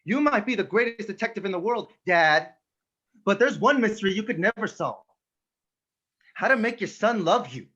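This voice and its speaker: A man's voice: high voice, lively intonation, moderate pace, long pauses, fairly bright tone. A man in an improv comedy scene playing an earnest young male actor who sends in a laid-back audition tape. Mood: overwrought. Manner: laid-back, then overwrought monologue delivery. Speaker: improv performer. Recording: dull lo-fi webcam audio.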